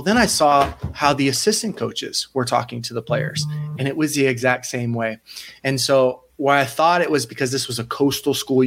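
Animated man telling coaching stories. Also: medium pitch, creaky, breathy edge. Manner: animated, acts out quoted voices, frequent restarts. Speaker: sports psychology coach, podcast guest. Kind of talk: casual storytelling interview.

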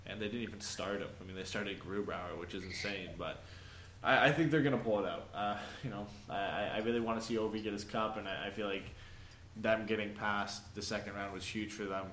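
Brief: male co-host, lowish, echoey room, faint ambience, measured and hedging. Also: fairly even intonation, a bit bright, slight background noise. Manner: thoughtful, hedging, laughs between points. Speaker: podcast co-host. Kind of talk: casual sports talk.

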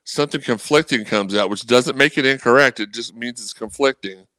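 A man chatting casually on a sports podcast, animated and rambling, acting out messages from fans. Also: mid-range voice, fairly quick, no room sound, rough recording. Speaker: guest co-host.

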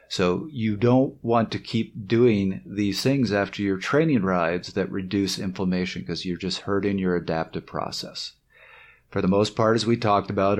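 A man co-hosting a podcast, explaining his points in a steady, summarizing way. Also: on the low side. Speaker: podcast co-host. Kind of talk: casual podcast chat.

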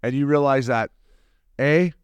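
A man in his forties, a former hockey player co-hosting a podcast, telling stories in a lively, casual way and acting out quotes. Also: medium pitch, smooth, dry recording, muffled recording. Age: 40s. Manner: fast, animated storyteller who acts out quotes. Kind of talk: casual storytelling chat.

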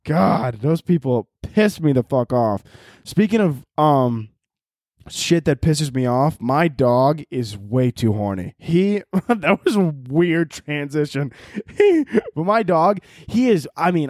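A man, a comedian hosting his own podcast, in a profane, animated comedic rant. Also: fairly high pitch, no room sound, studio quality.

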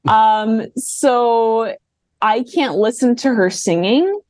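A woman's voice: a little high, slow, darkish tone, no echo. A woman speaking as a podcast guest in casual chat, thoughtful and academic in how she talks.

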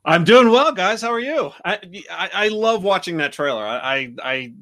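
A man's voice: high voice, expressive, moderate pace, fairly bright tone. An American man, a journalist guest on a podcast, speaking casually and often repeating words as he gathers his thoughts.

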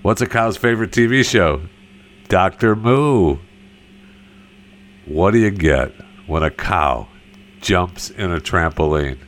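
A man telling a string of corny cow jokes in a slow delivery and laughing at his own punchlines. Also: sits low, lively intonation. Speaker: joke teller.

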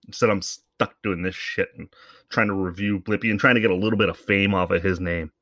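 A man's voice: low voice, fairly even intonation, fairly quick, pushed and bright, dry recording, clean studio sound. A man hosting a podcast, giving casual, rambling commentary in a sarcastic, profane way. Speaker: podcast host.

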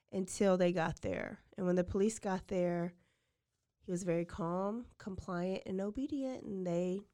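A woman hosting a podcast, casually retelling a true-crime story with lots of fillers and acted-out quotes. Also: medium pitch. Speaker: podcast host.

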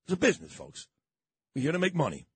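A man's voice: fairly high pitch, wildly swooping pitch, fast, fairly bright tone, slightly rough, dry recording. A man with a New York accent hosting a morning radio talk show, ranting in a combative, indignant way and repeating his points. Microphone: studio microphone.

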